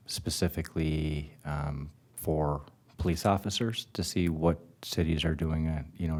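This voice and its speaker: Very low-voiced finance director. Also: male voice, darkish tone. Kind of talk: council workshop discussion.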